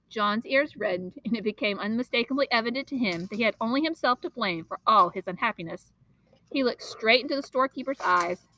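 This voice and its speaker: A woman, a teacher, reading a children's novel aloud in an expressive, steady storytelling manner. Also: on the high side, fairly quick, dry recording, poor audio.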